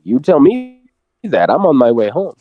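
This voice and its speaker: A man's voice: mid-range voice, huge pitch swings, normal speed, no room sound, phone-quality sound. A man playing in a tabletop game, chatting casually and joking. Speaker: player. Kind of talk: casual chat.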